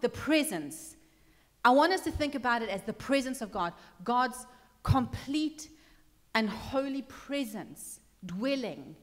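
A woman pastor preaching a sermon, telling the story conversationally and acting out the characters, dropping to a hush and rising again. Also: a little high, animated, measured pace, in a large hall. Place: church hall.

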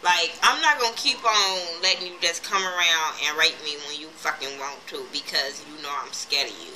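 A woman recapping a TV episode in a casual, profane, animated way, acting out the characters' lines as she retells them. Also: sits low, moderate pace, slight background noise, low-quality recording. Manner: blunt, profane, animated retelling with quoted voices. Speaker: TV episode reviewer.

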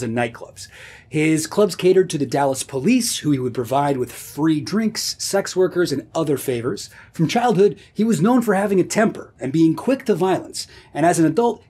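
A man who hosts his own video series, narrating history in a comedic scripted style with sardonic deadpan asides. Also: on the high side, breathy edge. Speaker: video host.

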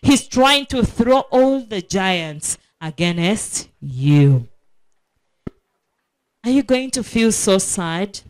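A woman's voice: medium pitch, lively intonation, a little mellow. A woman preaching a children's sermon at a school prayer week, asking her listeners questions and repeating key words for emphasis. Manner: slow, emphatic, asks the audience questions. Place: school assembly.

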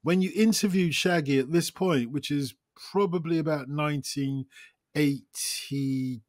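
A man's voice: a little high, unhurried, dry recording, studio quality. A man hosting a casual podcast chat, telling rambling anecdotes and acting out quotes. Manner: rambling anecdotal storyteller, quotes people in lively voices. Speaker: podcast host.

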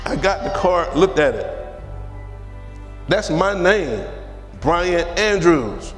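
A man preaches with animated storytelling, his fairly high voice repeating lines for emphasis and breaking into laughs. His voice carries a long church-hall reverb, and soft music plays underneath. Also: slow pace, pauses often. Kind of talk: sermon with personal testimony.

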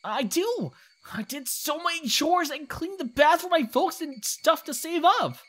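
A woman voicing an excitable young boy in a story game, brash and shouting eagerly. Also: sits high, unhurried, pitched above the performer's own voice.

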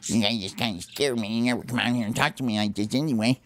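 A man's voice: mid-range voice, quick pace, fairly bright tone, slight background noise, lightly acted. A man doing a jumpy squirrel. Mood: defensive. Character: jumpy male squirrel, hungry, briefly grouchy. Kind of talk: home-made pretend play.

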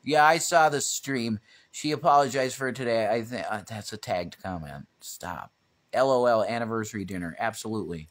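A man's voice: lowish voice, moderate pace. A man co-hosting a casual livestream, rambling, swearing freely and reading chat comments aloud. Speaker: livestream co-host.

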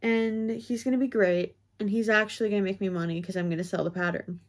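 A woman's voice: mid-range voice, steady tone, fast talker. Rambling young woman chatting while crocheting. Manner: self-deprecating, rambling, thinking aloud. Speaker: crochet vlogger. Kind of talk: casual chat while crocheting.

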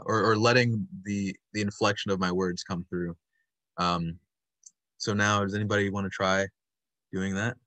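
A man's voice: lowish voice, bright, forceful tone, dry recording. A man instructing an online puppetry workshop over a video call, patient and encouraging as he explains step by step.

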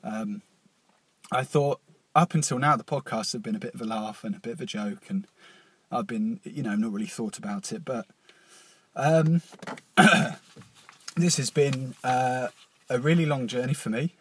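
A man hosting a confessional podcast, speaking in a halting, nervous and openly emotional way with many pauses and restarts. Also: medium pitch, slightly rough. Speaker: podcast host.

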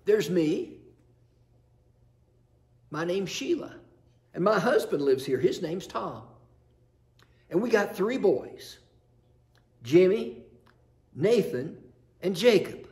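A man's voice: high voice, big pitch swings, slow pace, long pauses, a little mellow, roomy sound, full character voice. A man voicing a talkative housewife who keeps patiently listing everyone living in her home, in a chapel. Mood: chatty. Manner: chatty, listing, slightly exasperated. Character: talkative middle-aged Southern housewife, patient and insistent.

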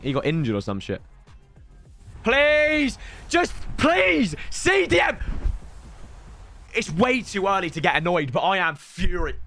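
Streaming a pack opening, this young man sounds slightly hoarse and fairly high-pitched. He talks excitably, shifting from shouts to grumbles.

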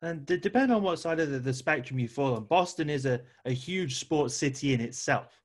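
A man's voice: fairly high pitch, expressive, fairly quick. Man hosting a casual interview. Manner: friendly questioning, easy laughs. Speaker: podcast host.

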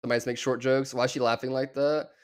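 A man's voice: mid-range voice, flat delivery, fast talker. A young man from the American South with a Southern accent, rambling crudely and mockingly while reacting to a show as a streamer. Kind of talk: profane reaction commentary.

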